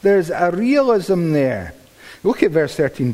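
A man preaching a sermon in a chatty way, often repeating himself and making dry jokes. His voice is a touch high and very animated. The sound rings out in a church hall with long reverb. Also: measured pace. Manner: lively, conversational, repeats words, dry humour.

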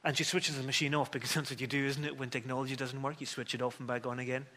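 A man preaching a sermon, telling a story with acted-out dialogue and moving between hushed and emphatic delivery. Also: mid-range voice, flat delivery, very fast.

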